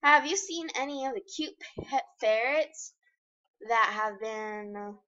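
A woman's voice: on the high side, slow, pushed and bright, highs cut off. A young woman chatting and giggling while she plays an online game and talks to her viewers. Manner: chatty and giggly, often laughs mid-sentence. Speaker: game video creator. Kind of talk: casual gameplay commentary. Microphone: computer screen recorder mic.

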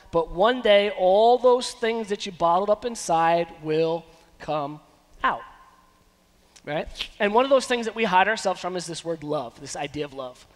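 A man in his thirties preaching a sermon as pastor, animated and given to breaking into snatches of song. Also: high-pitched. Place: church sanctuary. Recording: long church hall reverb.

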